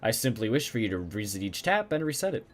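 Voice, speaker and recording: A man's voice: fairly low pitch, sing-song, fast. A man voicing a polite, scheming male café owner in a game, speaking with an exaggerated formal manner and a put-on accent. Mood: smooth persuasion.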